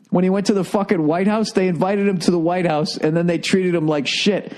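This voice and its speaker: A man's voice: high-pitched, normal speed, a little mellow. A middle-aged man with an American Boston accent, hosting a solo podcast and ranting in an exasperated, profane way with stammered restarts. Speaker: podcast host.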